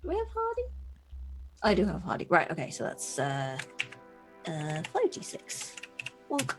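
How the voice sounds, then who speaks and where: A woman's voice: lowish voice, huge pitch swings, a little slow, music in the background. A woman taking her turn as a player in a tabletop game, offhand and giggly.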